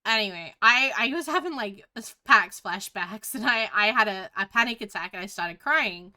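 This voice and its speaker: A woman's voice: mid-range voice, expressive, moderate pace, bright, forceful tone. An Australian woman streamer telling a story in a casual, rambling way, often restarting and swearing.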